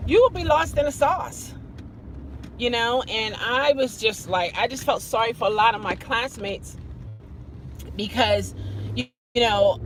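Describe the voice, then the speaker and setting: A middle-aged woman chatting casually on a live stream, greeting viewers by name as she tells her story. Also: a little hiss or hum. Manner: expressive, jumps high when emphasizing.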